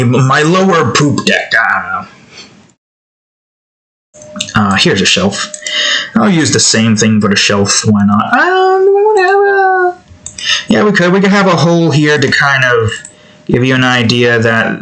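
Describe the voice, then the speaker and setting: A man's voice: lowish voice, pushed and bright, low-quality recording. A young man chatting casually while he draws, rambling from thought to thought, joking and interrupting himself, now and then breaking into off-key snatches of song. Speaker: art streamer. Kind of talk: casual chat while drawing.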